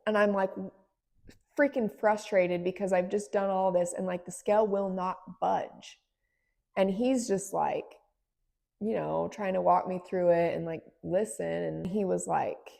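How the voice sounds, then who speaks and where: Chatty thirties woman with gravelly fry. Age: 30s. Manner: emphatic, swings from low and weary to excited. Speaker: fitness vlogger. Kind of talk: casual confessional storytelling.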